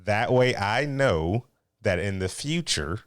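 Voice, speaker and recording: Animated man with a low, smooth voice. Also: slow pace, no echo, studio quality. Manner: animated, excitable storyteller. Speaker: podcast co-host. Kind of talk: casual chat on a live stream.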